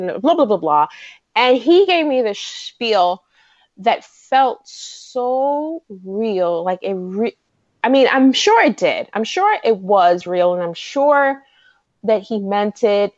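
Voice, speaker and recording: A woman in her forties, a podcast host telling stories in a rambling, excitable way, full of restarts. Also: mid-range voice, a little slow, no echo, dull audio. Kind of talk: casual chat.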